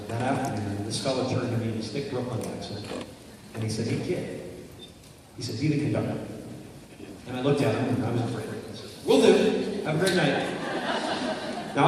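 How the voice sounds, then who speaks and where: Man speaking in an echoey hall. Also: medium pitch. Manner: storytelling, asks the audience questions. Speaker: motivational speaker. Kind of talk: motivational speech to an audience. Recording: echoey hall recorded from far off, noisy.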